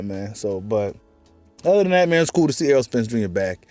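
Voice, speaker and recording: A man's voice: on the low side, sing-song, brisk, darkish tone, no room sound, faint music behind. A man with a Texan accent giving casual, rambling boxing commentary, full of slang and repeated filler phrases. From Texas. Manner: loose, rambling, slangy, repeats "you know what I'm saying".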